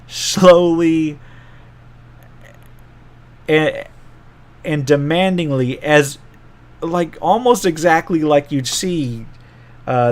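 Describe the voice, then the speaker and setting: A man's voice: a little high, a little mellow. Rambling middle-aged male game master. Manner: rambling, digressive, self-correcting storyteller. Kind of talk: casual storytelling of an old tabletop game.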